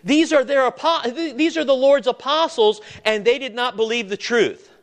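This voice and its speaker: Speaking at normal speed, a man with a high voice gives an earnest sermon in a conversational tone. Repeated words, restarts, and questions aimed at the congregation run throughout.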